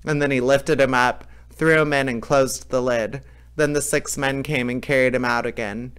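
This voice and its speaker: A man reading a fairy tale aloud in a lively way, with small slips and restarts. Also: medium pitch, moderate pace, smooth. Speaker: storyteller.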